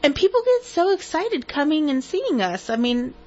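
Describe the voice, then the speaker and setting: A woman's voice: high-pitched, very animated, moderate pace, darkish tone, muffled recording. A woman co-hosting a radio show in casual banter, chatty and giggly with a sarcastic streak.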